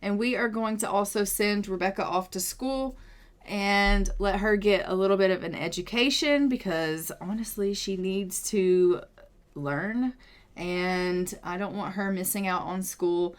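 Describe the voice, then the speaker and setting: Chiacchierona giovane donna che commenta un videogioco. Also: female voice, mid-range voice, a little slow, clear, resonant tone. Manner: chatty, gushing, thinks out loud. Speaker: gaming video creator. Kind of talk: casual let's-play commentary.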